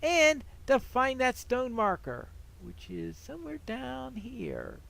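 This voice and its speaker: A man's voice: very high voice, wildly swooping pitch, slow, gravelly, a bit bright, a little hiss or hum. A man giving casual let's-play commentary while he plays, musing aloud in a rambling, self-deprecating way. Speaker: gameplay commentator.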